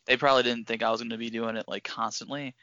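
Bright-voiced man, relaxed guest. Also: mid-range voice, fast talker, dry recording, dull audio. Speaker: guest filmmaker. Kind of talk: casual interview chat.

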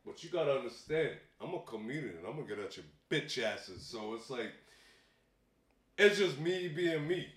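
A man of Barbadian and Jamaican background chatting casually as a comedian and co-host, telling profane, animated stories with lots of restarts. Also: medium pitch, moderate pace, roomy sound. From Barbados and Jamaica heritage. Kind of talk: casual chat.

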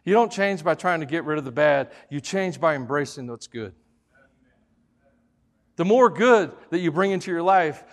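Man, pastor, sermon, high-pitched voice, loud preaching and quiet joking asides, church.

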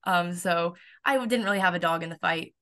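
A young woman in her twenties, a college softball pitcher, talking in a chatty, upbeat way with lots of fillers in a casual podcast interview. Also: fairly quick. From United States.

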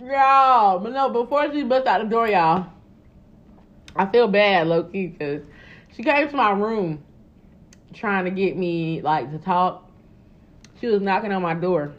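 Slow-talking young woman chiming in. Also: medium pitch. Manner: chimes in, laughs hard, adds her own side. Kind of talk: casual chat. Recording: dull lo-fi recording.

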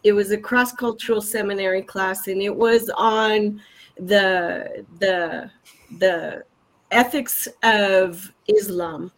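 An older woman on a video call speaking heartfelt thanks, emphatic and halting. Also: mid-range voice, gravelly, poor audio. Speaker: conference attendee asking a question. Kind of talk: casual chat.

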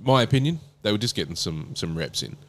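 A man's voice: lowish voice, sing-song, fast, a bit bright, a little hiss or hum. A man with an Australian accent, co-hosting a podcast in laid-back casual chat and laughing often. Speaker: podcast co-host. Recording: podcast mic in a small room with a humming air conditioner.

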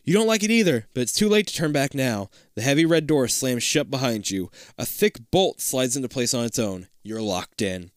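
A man's voice: medium pitch, lively intonation, moderate pace, few pauses, no room sound, clean studio sound. A man reading a choose-your-path book aloud to a friend, breaking off to joke, swear and laugh.

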